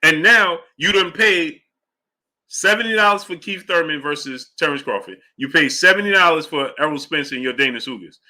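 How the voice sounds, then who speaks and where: A man hosting a casual boxing livestream, rambling loosely between fan shout-outs and fight talk. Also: a little high, expressive, moderate pace. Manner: loose, rambling, drifts off track. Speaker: host of a live boxing show. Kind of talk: casual livestream chat reading super chats.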